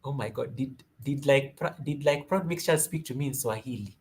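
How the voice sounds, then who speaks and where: Speaking at a normal speed, a Kenyan woman with a Kenyan accent leads a casual yoga livestream and chats about viewers' comments. Her talk meanders, she names viewers as she greets them, and her pitch and loudness often jump up.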